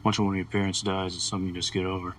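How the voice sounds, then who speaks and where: An actor playing a gruff but gentle young man, speaking low, soft and steady. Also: very fast. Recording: distant TV audio with faint noise.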